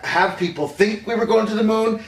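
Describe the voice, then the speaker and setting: An actor playing an older film director who recalls a secret White House meeting, telling it haltingly with many fillers and restarts. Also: male voice, high-pitched. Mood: hesitant. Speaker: actor in a staged confession. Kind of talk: rehearsed improvised storytelling. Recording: roomy, distant mic, faint room noise.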